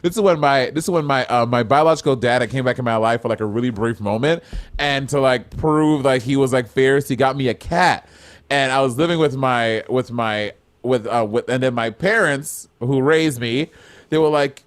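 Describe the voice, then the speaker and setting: A man's voice: mid-range voice, normal speed. A man raised in Brooklyn, New York, co-hosting a podcast and telling stories in a chatty, rambling way. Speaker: podcast co-host. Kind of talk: casual storytelling.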